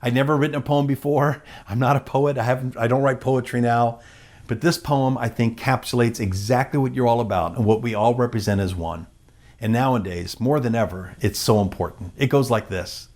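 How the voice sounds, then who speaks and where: A man's voice: medium pitch, brisk, a little mellow. Man giving an earnest gala speech. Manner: earnest, heartfelt delivery. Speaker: gala speaker. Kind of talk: inspirational speech with anecdote and poem recital.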